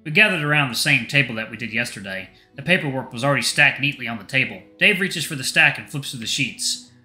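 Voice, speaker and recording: A man reading a visual novel aloud as host of a gaming channel, narrating in an animated, expressive way. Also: mid-range voice, fast talker, roomy sound, soft background music.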